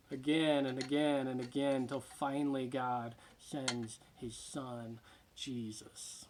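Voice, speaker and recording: A man preaching a sermon with passion, often sinking to a hushed near-whisper for emphasis and repeating words as he gathers his thoughts. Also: medium pitch, level tone, takes it slowly, noisy background. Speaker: pastor.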